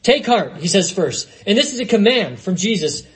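A man's voice: high voice, big pitch swings, normal speed, a bit bright. A man preaching an expository sermon, conversational, with frequent asides to the congregation.

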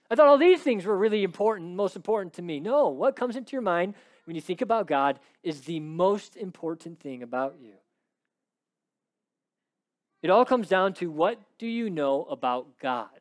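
A man's voice: high-pitched, expressive, moderate pace. A male pastor preaching a sermon, emphatic, with rhetorical questions and repeated phrases. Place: church service.

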